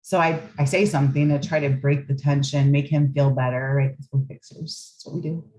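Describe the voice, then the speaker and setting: Low-pitched lady coach, calm and affirming, earnest coaching talk. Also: a little fast, rough recording. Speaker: relationship coach.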